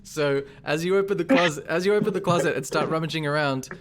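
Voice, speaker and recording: A man narrating as game master and podcast host, relaxed and chuckling as he goes. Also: a little high, fast talker.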